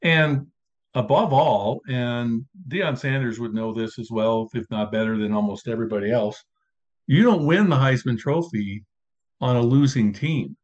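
A man's voice: medium pitch, a little slow. A man hosting a casual sports talk show, building his argument point by point. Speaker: podcast host. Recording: dull lo-fi sound.

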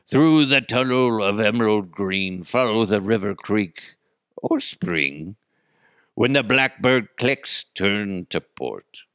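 Guy doing a gruff pirate, low and gravelly, slow hammy arrs. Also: fairly bright tone, dry recording, studio quality, exaggerated voice. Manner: slow drawn-out reading with "arr" and "yar" growls. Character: gruff growling male pirate reciting a rhyme.

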